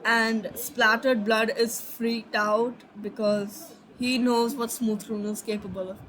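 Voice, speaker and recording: A woman's voice: on the high side, little pitch movement, unhurried, a bit bright, poor audio. A sleepy woman casually telling her own fan story, rambling, apologizing and trailing off.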